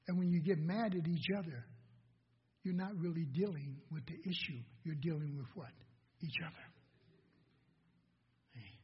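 High, husky-voiced preacher man in a hall. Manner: preaching with call-and-response questions, swinging from hushed to loud. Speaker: pastor. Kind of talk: sermon. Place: church sanctuary. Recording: dull lo-fi recording in a reverberant hall.

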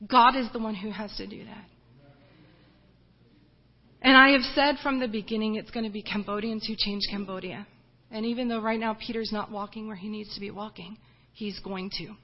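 A woman missionary giving an earnest, emotional personal testimony, often halting and restarting as she speaks. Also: mid-range voice, fairly even intonation, lo-fi sound.

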